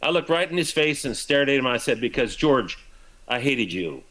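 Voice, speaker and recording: An older man, a former ballplayer, telling lively anecdotes in a broadcast interview and acting out the lines he quotes. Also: mid-range voice, fairly quick, poor audio. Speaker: guest, former baseball player.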